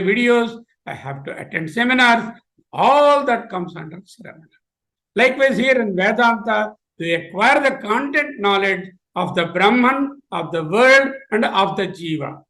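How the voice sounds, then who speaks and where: A man with an Indian accent delivers a spiritual lecture in a high, bright voice. He speaks deliberately, explaining each term and repeating words to make them clear. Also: low-quality recording. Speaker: lecturer giving an endowment oration.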